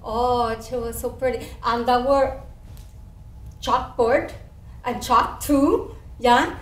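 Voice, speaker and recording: A woman's voice: fairly high pitch, steady tone, slow pace. A woman acting out an eager, chatty first-grade girl in a one-woman stage show, speaking childlike English with a San Antonio Spanish-influenced accent and slipping into Spanish. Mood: chatty, proud. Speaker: stage performer. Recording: roomy stage sound from far off with faint hiss.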